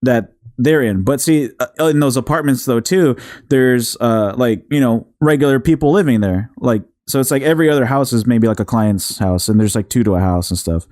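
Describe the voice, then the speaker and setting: A man's voice: medium pitch, normal speed, a little mellow. A man hosting a podcast in casual chat, telling rambling stories with many fillers. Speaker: podcast host.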